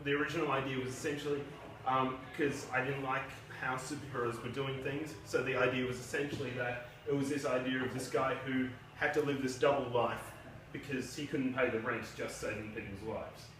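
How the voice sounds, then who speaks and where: A man's voice: medium pitch, steady tone, brisk, fairly bright tone, distant mic, a little hiss or hum. Chatty male author, very echoey room. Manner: casual, self-deprecating, chatty asides. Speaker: debut novelist. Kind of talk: book launch speech and reading.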